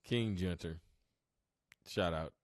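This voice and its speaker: Podcast host: low-voiced man, relaxed and profane, chuckling through his reactions, dry sound. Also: slow pace, no echo. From Southern California. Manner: laid-back, profane, laughs a lot. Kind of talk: casual reaction commentary.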